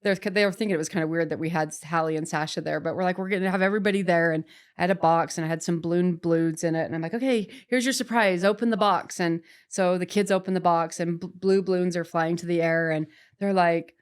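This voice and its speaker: With a smooth, low-leaning voice and quick pace, a woman in her forties relates a personal story on a podcast as a guest. She's animated and chatty, often restarting and tossing in "right?"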